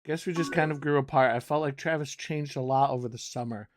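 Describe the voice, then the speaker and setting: A man reading the lines of a heartbroken young woman friend in a game, quiet and subdued. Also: medium pitch, a little fast, no room sound, studio quality, lightly acted. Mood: sad.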